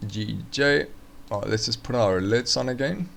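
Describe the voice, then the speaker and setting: A man's voice: mid-range voice, normal speed, gravelly, fairly bright tone. A man casually walking through forex charts on a live stream, thinking aloud with fillers and restarts.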